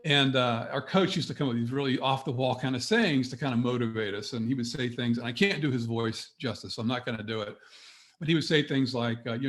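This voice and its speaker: A middle-aged man coaching business owners on a webinar, talking straight to his audience in an energetic, motivational way. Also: medium pitch, brisk. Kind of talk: webinar presentation.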